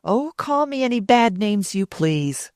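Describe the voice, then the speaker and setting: A woman's voice: medium pitch, sing-song, unhurried, darkish tone, no room sound, clean studio sound, voice pushed up. A woman reading the part of a haughty, shrewd older society woman, speaking in pointed tones.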